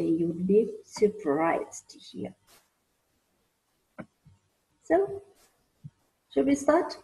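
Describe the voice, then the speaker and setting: A woman's voice: mid-range voice, warm tone, poor audio. A woman teaching an English lesson, hesitant, with many fillers and restarts. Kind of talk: recorded online lesson.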